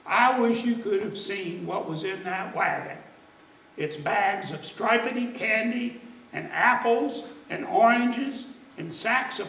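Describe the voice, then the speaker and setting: A man telling a folksy story in dialect at a church service, animated and lively. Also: high voice, creaky, roomy sound, distant mic, poor audio. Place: church sanctuary.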